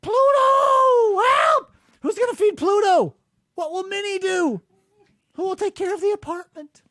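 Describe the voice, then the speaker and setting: A podcaster voicing a petulant, childish grown man in a high, squeaky cartoonish voice, wailing and pleading. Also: a little slow, a bit bright, dry recording, shouting, studio quality.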